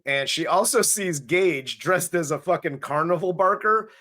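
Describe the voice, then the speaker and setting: Male co-host for a crude comedy review, bright, forceful voice, plot-recap duty. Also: high-pitched, lively intonation, normal speed. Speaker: podcast co-host. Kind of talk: casual comedic movie review.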